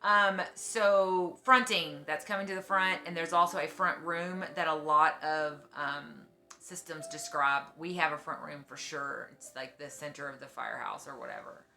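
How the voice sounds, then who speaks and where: A woman's voice: low voice, steady tone, normal speed, gravelly, pushed and bright, soft background music. A woman streamer chatting casually at home, swearing freely and oversharing. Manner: profane, oversharing. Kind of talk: casual chat.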